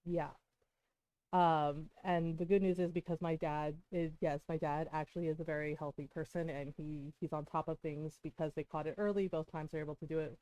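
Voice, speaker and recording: A woman's voice: low-pitched, fairly even intonation, brisk, dark tone, no room sound, rough recording. A middle-aged woman game streamer telling a story on a live stream, heated and emphatic, swearing often.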